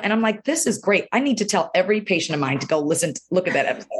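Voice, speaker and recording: A woman's voice: mid-range voice, animated, fast talker, husky. A woman urologist speaking as a guest in an interview, talking frankly and animatedly, full of "you know" and acted-out quotes. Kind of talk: candid conversational interview.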